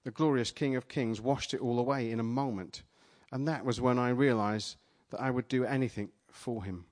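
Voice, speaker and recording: A man's voice: mid-range voice, moderate pace. Dramatic storytelling male preacher. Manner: dramatic, storytelling, turns playful and energetic with volunteers. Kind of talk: sermon told as a first-person retelling. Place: church gathering with a live audience.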